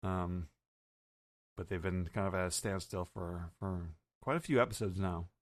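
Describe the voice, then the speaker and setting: A man hosting a podcast, recapping an anime episode in a casual, halting way with many fillers. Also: sits low, no echo. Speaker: podcast host.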